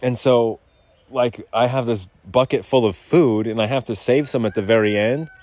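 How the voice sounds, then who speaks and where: A man's voice: mid-range voice, moderate pace, darkish tone. A man hosting a podcast outdoors, rambling in loose, profane, digressive casual chat. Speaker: podcast host. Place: outdoors on a rural lot.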